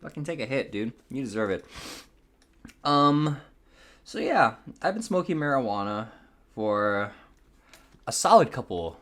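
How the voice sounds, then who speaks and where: A man's voice: medium pitch, lively intonation, measured pace, long pauses, a bit bright. A young man around twenty, hosting a podcast in a rambling, casual, profane monologue with nervous voice cracks. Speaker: podcast host.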